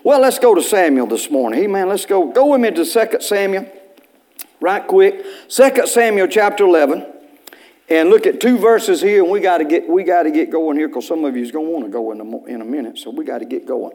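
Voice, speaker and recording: A male pastor, preaching a sermon in church in a folksy storytelling way, with bursts of loud preaching. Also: a little high, expressive, fairly quick.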